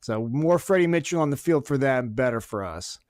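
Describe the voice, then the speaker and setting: A man's voice: mid-range voice, animated, moderate pace, dry recording, clean studio sound. A man co-hosting a podcast, chatting casually with crude jokes and frequent laughter. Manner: joking, crude, laughs often. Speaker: podcast co-host. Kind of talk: casual chat.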